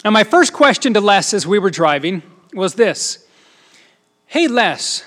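A middle-aged man who used to be a news reporter, giving a church talk as a personal story, dropping to soft asides and rising to loud emphasis. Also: high voice, sing-song, moderate pace. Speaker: speaker at a church gathering, former TV news reporter. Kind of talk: sermon-style personal story.

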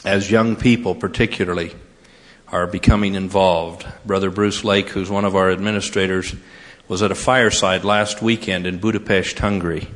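Older male guest speaker, devotional address, low-ish voice, easygoing storyteller, reverberant hall. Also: flat delivery, normal speed, fairly bright tone. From Sacramento, California. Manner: folksy, good-humored storytelling. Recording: long reverb of a large hall.

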